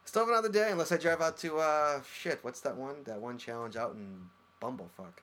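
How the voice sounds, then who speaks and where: Male co-host, quick and rambling, casual chat, average pitch. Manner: rambling, animated, swears casually. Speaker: podcast co-host.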